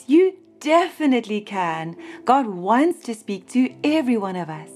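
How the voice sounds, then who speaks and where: A woman tells a Bible story to a young listener, her voice gentle and expressive. Her pitch moves in lively sweeps, and faint music plays behind her.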